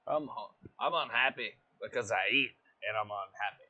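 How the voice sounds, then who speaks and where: An American man commenting on an online racing league, excitable and quick to hype close results. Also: medium pitch, highs cut off. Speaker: race commentator. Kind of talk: esports race commentary.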